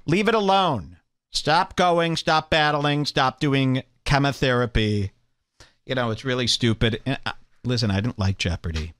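A man's voice: mid-range voice, measured pace, a bit bright. A man hosting a podcast, ranting in a mocking, bombastic comedic way. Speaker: podcast host. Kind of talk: provocative comedic rant.

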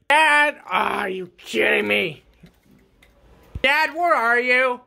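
Exasperated skit performer, bright voice. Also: medium pitch, takes it slowly, vocal fry, slight background noise. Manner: exasperated scolding. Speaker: skit performer playing the son. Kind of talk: comedy skit acting.

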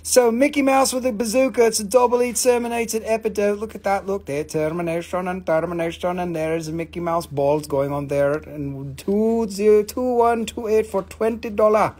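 A man's voice: high voice, steady tone, moderate pace, few pauses, darkish tone. A man hosting a live gemstone sales stream, rambling, joking and swearing as he calls out buyers and prices. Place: family-owned rock shop.

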